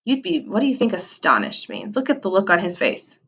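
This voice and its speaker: Animated woman teaching young kids. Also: medium pitch, fast, hardly any pauses, breathy edge. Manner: animated, stretches out key words for emphasis. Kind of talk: vocabulary lesson for young children.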